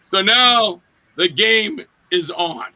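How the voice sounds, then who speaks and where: A man being interviewed as an actor, telling lively anecdotes and acting out the voices of the people in them, with a raspy voice. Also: high-pitched, takes it slowly, poor audio. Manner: animated anecdote-telling, acts out quoted voices, laughs often. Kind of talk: casual storytelling interview.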